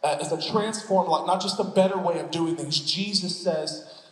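A man preaches in a church sanctuary, his voice sitting a little high for a man. He is lively and jokey and slips into comic voices to act out stories. The room is echoey, with a long hall reverb trailing after his words. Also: moderate pace. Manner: animated, joking, acts out scenes in funny voices. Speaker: pastor. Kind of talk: sermon.

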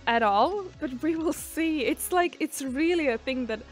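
A woman's voice: sits high, expressive, normal speed, soft background music. A woman streamer, casually chatting and reading out viewer messages. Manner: chatty, reads out viewer messages and answers them. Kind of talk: casual live-stream chat.

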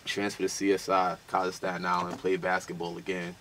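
A man's voice: sits low, monotone, fast, a bit bright, slight background noise. A man chatting casually as a guest, telling loose stories full of slang and laughter. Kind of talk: casual chat.

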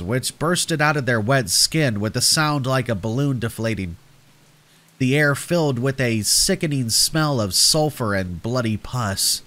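A man narrates a gruesome horror tale in a slow, deliberate way. His pitch rises and falls freely as he builds tension. Steady rain patters in the background.

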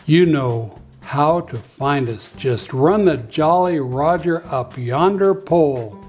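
Blustery pirate captain, read by a man for a kids' storybook; gruff, bellowing, slightly high voice. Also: slow, a little mellow, faint music behind. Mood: hearty.

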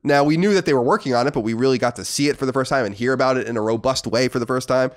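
A man hosting a podcast in casual chat, reading out listener letters with wry, wordy asides. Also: mid-range voice. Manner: fast, animated, wordy and wry. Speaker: podcast host.

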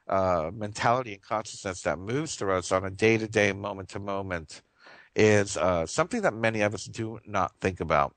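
An earnest male radio host talks in a rambling monologue, restarting his sentences and chuckling as he goes. His voice sits a little low. The sound is dry and close, with no room echo. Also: normal speed, a bit bright. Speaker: radio talk show host.

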